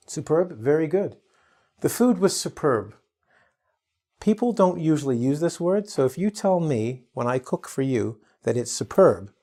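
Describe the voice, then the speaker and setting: A man teaching an English vocabulary lesson in an animated, playful, jokey way. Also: on the high side. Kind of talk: energetic vocabulary lesson to camera.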